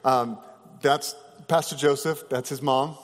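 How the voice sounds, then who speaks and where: A man's voice: mid-range voice, fairly even intonation, a little slow, big-room sound. A man hosting an interview, guiding his guests with friendly questions. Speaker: host.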